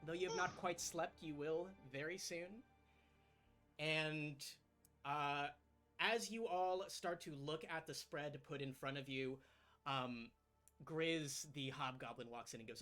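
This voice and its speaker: A man narrating as game master of a tabletop game in a relaxed, chatty way. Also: on the high side, slow, faint music behind.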